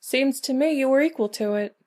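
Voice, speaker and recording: A woman voicing Death as a short, round old grandmother, calm and gently amused. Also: high-pitched, a little fast, voice pushed up, lightly acted.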